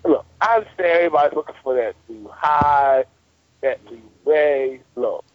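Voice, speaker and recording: A man's voice: medium pitch, animated, normal speed. A man in casual comedy podcast banter, stammering and exasperated, trying to tone down his language. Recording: dull lo-fi podcast audio.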